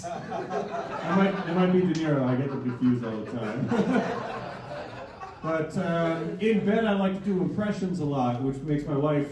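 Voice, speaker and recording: A man in his thirties from Canada delivers a rambling, self-deprecating stand-up set in a fairly high voice. He is picked up from a distance in a very echoey comedy club. Audience laughter rises around him. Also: expressive, measured pace, a crowd in the background. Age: 30s.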